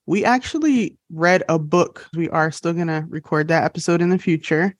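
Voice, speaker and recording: A woman's voice: lowish voice, normal speed, no room sound. A young woman hosting a podcast in casual chat, bubbly and laughing at her own jokes. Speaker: podcast host.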